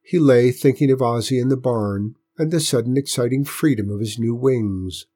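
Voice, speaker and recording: A man narrates a story in a steady, measured reading voice. His tone is slightly husky and sits at an ordinary pitch.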